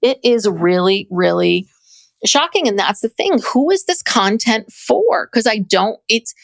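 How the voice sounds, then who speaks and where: A woman chatting on a podcast, her voice carrying a gravelly fry. She talks in an animated, rambling way and laughs often. The sound is dry and close. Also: mid-range voice, measured pace, no room sound. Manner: animated, laughing, jumps between topics. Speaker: podcast co-host. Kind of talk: casual podcast chat.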